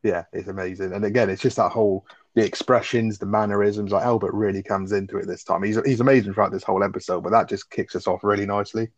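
A man's voice: fairly low pitch, steady tone, fast, no room sound, dull audio. A man, co-hosting a casual podcast chat, enthusiastic and swearing, with plenty of fillers. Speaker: podcast co-host.

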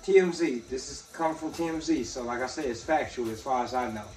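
A man co-hosting a podcast in casual chat, loud and laughing through crude banter. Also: mid-range voice, brisk, faint music behind. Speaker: podcast co-host. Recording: echoey room from far off.

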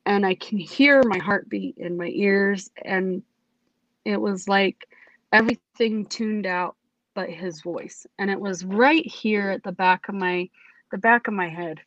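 A woman telling her personal testimony in a casual, animated way, acting out what she said back then. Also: mid-range voice, measured pace, dry recording, highs cut off. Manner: animated, acts out her own past remarks. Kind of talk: casual storytelling.

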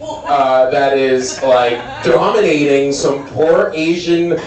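A man in casual raunchy banter, excitable and laughing, often restarting his sentences. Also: medium pitch, slow. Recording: echoey room, distant mic, crowd behind.

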